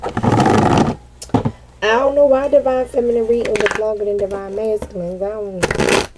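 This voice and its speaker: A woman giving a casual, animated tarot reading, swearing freely and breaking into sassy asides as she voices the cards. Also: medium pitch, a little slow, very noisy. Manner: chatty and animated, swears freely and laughs often. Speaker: tarot card reader.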